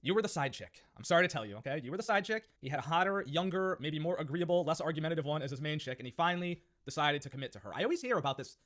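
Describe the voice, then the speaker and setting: A man's voice: a little high, big pitch swings, very fast, hardly any pauses, fairly bright tone. A young man hosting reaction commentary, sarcastic and mocking as he talks. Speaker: commentary host.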